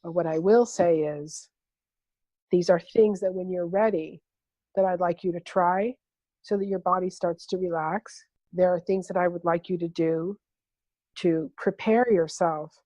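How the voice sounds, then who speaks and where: A woman's voice: on the low side, dark tone, no room sound. A middle-aged woman coach in a podcast interview, telling stories and repeating phrases for emphasis. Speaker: intuitive empowerment coach, guest.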